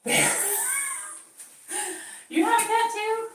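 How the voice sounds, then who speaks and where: A woman's voice: very high voice, fairly even intonation, slow, fairly bright tone. A woman hosting her channel, chatting casually and laughing often as she cleans her bathroom and talks to her cat. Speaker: channel host chatting with live viewers. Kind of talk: casual chat while cleaning. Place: home bathroom. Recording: echoey bathroom, voice from far off, faint background noise.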